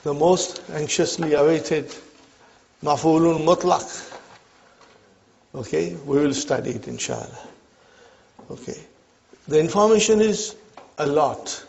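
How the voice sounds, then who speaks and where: Slow, gravelly male Arabic teacher. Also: on the high side, animated, darkish tone, slight background noise. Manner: slow, repetitive, checks in with listeners. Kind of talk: classroom lecture. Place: classroom. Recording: dull lo-fi recording.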